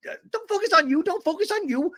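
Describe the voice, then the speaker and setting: A man putting on a shrill, high falsetto voice for a dramatic reality show woman. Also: expressive, quick pace, a bit bright. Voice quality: squealing falsetto.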